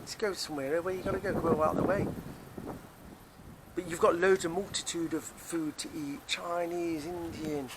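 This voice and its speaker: A man from England with a Nottingham accent and a slightly high voice rambles casually to camera as a vlogger, repeating himself as he goes. He's outdoors near a car park, and there's background noise.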